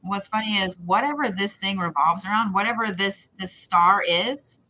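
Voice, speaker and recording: A woman's voice: medium pitch, normal speed, sharp tone, rough recording. A woman giving intuitive readings to viewers on a live stream, talking in a rambling, repetitive, chatty way. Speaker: psychic reader.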